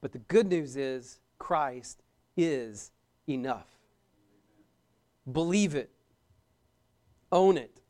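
A man's voice: on the high side, lively intonation, drawn-out words, long pauses, mellow. A young man preaching a sermon as a pastor, emphatic, repeating key phrases and questioning his listeners.

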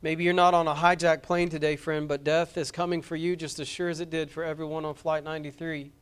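A man's voice: on the high side, flat delivery, fairly quick, smooth. A man preaching a sermon as pastor, earnest and impassioned, appealing directly to his congregation.

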